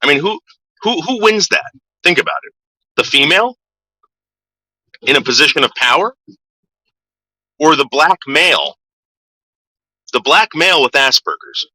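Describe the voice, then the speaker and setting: A man's voice: a little high, sing-song, a little slow, long pauses, pushed and bright, slightly rough, no echo, rough recording. A man vlogging casually, telling a rambling story in a blunt, profane way.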